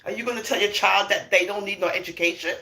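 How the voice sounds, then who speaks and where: Quick-paced and medium in pitch, an older London woman talks amid a roomy echo. She's a vlogger in an opinionated, casual monologue, emphatic and animated, laughing frequently between points.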